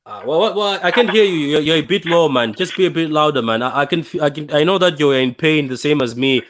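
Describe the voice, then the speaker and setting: A young man hosting a fan livestream after a painful defeat, talking in a dejected, halting way with many repeats and restarts. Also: a little high, a bit bright. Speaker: fan channel livestream host. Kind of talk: emotional post-match fan livestream.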